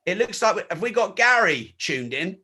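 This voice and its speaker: High bright-voiced energetic man speaker. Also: normal speed, breathy edge. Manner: energetic, excitable, conversational. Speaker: event speaker; social media coach. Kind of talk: live seminar talk.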